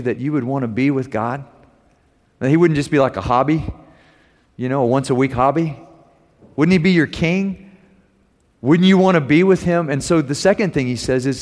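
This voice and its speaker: Middle-aged guy preaching, gets loud and lively on the big lines, long echo like a big church hall. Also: a little high, normal speed, pauses often. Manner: animated storytelling, rising loud on key phrases. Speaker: preacher and homiletics teacher. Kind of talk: sermon.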